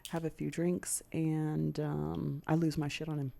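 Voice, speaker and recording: A woman's voice: low-pitched, flat delivery, creaky, mellow. A woman podcast host telling a candid personal story, swearing freely, venting hot anger and briefly mimicking other people's lines. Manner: profane, venting and heated, with quick mimicry of others.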